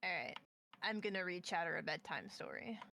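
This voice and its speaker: A woman tabletop game player talking in a relaxed, rambling way. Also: lowish voice, brisk, gravelly. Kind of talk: casual tabletop game chat.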